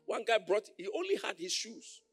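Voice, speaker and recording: A man preaching a sermon as pastor, animated, often shouting and laughing as he mimics others. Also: high-pitched, normal speed, slightly rough, faint music behind.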